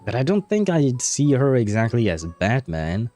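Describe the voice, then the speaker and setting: A man's voice: medium pitch, sing-song, moderate pace, mellow, soft background music. A French-speaking man chatting casually as he streams a game, rambling with lots of fillers. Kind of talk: casual gameplay commentary.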